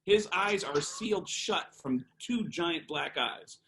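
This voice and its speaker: A man, a comedian guest, telling a long, animated anecdote with lots of fillers. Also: a little high, slow pace, a little hiss or hum, poor audio. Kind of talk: storytelling on a podcast.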